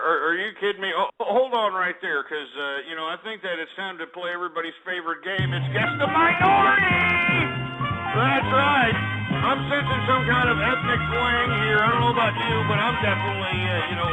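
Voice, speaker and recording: A man's voice: high-pitched, poor audio. A man hosting a comedic call-in show, with brash, mocking, boastful shock-jock patter. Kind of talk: comedic call-in radio parody.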